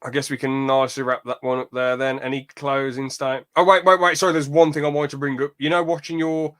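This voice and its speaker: A man hosting a podcast in casual, rambling chat, getting animated when he tells a story. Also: mid-range voice, brisk. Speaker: podcast host.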